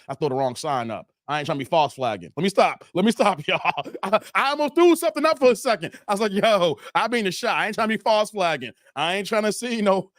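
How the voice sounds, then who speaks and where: A man's voice: sits high, no echo, studio quality. A man hosting a live stream, joking and laughing while reading chat aloud. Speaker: livestream host.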